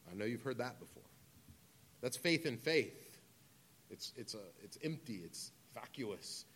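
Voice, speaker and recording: Man preaching in a relaxed, chatty way. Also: mid-range voice, unhurried. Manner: conversational preaching with asides and humor. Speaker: pastor. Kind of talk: sermon.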